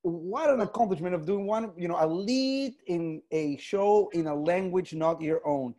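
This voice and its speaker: A host in casual interview chat who reacts eagerly to every answer. The voice sits at a middle pitch. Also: moderate pace, warm tone. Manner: enthusiastic, full of reactions.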